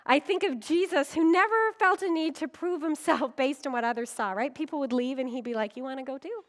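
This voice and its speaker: Woman pastor, middle-aged, sermon, fairly high voice, humorous animated storytelling. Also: brisk. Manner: humorous, with frequent laughs. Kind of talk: conference sermon.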